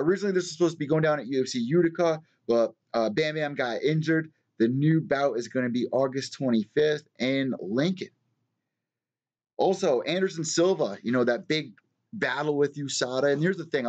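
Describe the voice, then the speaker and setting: A man's voice: medium pitch, darkish tone, muffled recording. A man hosting a live-streamed fight news show from his small apartment, ranting and swearing a lot in casual commentary. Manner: profane, heated ranting. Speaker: MMA news show host.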